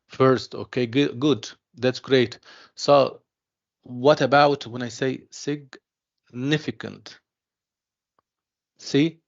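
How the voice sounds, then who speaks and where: Gravelly tutor teaching English. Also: male voice, medium pitch, fairly even intonation. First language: Arabic. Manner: slow, repeats himself, calls students "dear students", mixes in Arabic explanations. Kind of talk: online class lecture. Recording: dull lo-fi online class audio.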